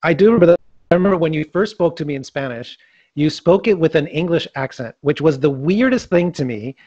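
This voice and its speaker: A man hosting a casual podcast interview in a friendly way, laughing along with his guest. His voice sits a little higher than most men's. The sound is dry and slightly muffled, like a call recording. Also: animated, fairly quick, darkish tone, no room sound. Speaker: podcast host.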